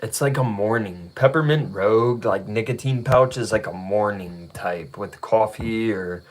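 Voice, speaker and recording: A man's voice: on the low side, a little slow. A man talking casually on his stream, telling a rambling story in a laid-back way, full of profanity and chuckles. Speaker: vlogger. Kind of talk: casual chat.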